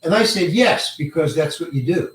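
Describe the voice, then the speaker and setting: An older male actor telling a career story in an interview, halting and rambling, often repeating words and chuckling. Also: a little high, animated. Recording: roomy echo, mic set far away.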